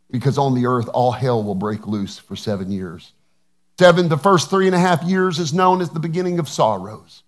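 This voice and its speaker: A male pastor preaching a sermon to his congregation on a microphone, moving from calm teaching to shouted proclamation and asking the crowd for responses. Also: mid-range voice. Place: church sanctuary with a congregation.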